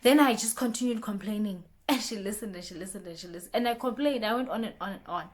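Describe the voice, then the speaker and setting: A young woman vlogging a casual motivational talk, chatty, repeating herself and restarting often, acting out friends' lines in lively bursts. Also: mid-range voice, quick pace.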